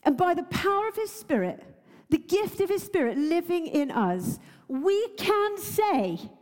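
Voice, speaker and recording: A woman's voice: extremely high pitch, sing-song, unhurried, darkish tone, in a large hall. A woman preacher giving a sermon, earnest and emotional, laughing now and then and using many fillers.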